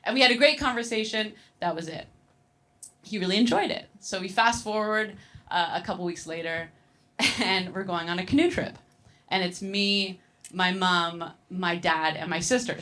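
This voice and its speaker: A woman telling a stand-up comedy story, with an animated, rambling delivery full of fillers and quick laughs. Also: mid-range voice.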